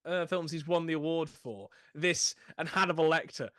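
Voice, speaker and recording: A man's voice: fairly high pitch, moderate pace, fairly bright tone, no echo, studio quality. A man casually talking through a film on a podcast, stumbling and restarting often, acting out bits of dialogue. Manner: hesitant, many restarts, acts out quotes. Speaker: podcast co-host.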